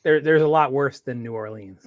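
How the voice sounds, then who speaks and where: A man chiming in on a live-stream chat, easygoing and measured. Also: mid-range voice, no echo, phone-quality sound.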